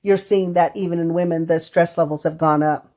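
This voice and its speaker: A counselor co-hosting a podcast chats casually in a fairly low, warm, steady voice at a slightly quick pace. She tells anecdotes and acts out brief quotes from her clients in a conversational way.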